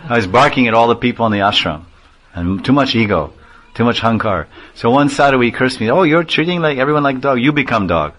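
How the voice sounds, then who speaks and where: A man's voice: medium pitch, expressive, fast talker, a bit bright. A man voicing a humble, sly talking dog pleading politely before a king in a spoken fable. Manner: deferential, pleading storytelling.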